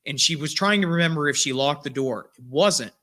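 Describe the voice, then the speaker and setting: A man's voice: on the high side, fairly quick, sharp tone. A man who hosts a podcast, telling a story casually and rambling, with many fillers and restarts. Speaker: podcast host.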